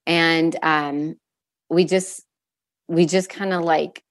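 Young adult woman, guest storyteller; somewhat low pitch, earnest and open, frequent fillers and restarts. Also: fairly even intonation, slow pace. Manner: emotional at moments, with nervous laughs. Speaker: guest sharing a personal story. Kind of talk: candid conversational storytelling.

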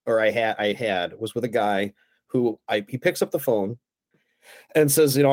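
A man, a guest on a podcast, telling stories in a casual, animated way and acting out the other people's lines. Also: medium pitch, moderate pace, no room sound, studio quality. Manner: animated anecdotes, acts out the other voices. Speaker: guest, former aldermanic candidate. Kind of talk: casual storytelling.

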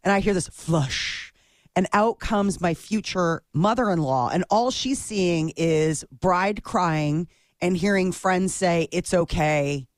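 A woman co-hosting a morning radio show, telling a story in casual chat, animated and full of quick asides. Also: fairly low pitch, dry recording, clean studio sound. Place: radio studio.

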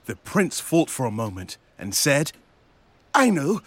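A man narrating a children's story, animated and speaking to young listeners. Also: medium pitch, moderate pace, dry recording.

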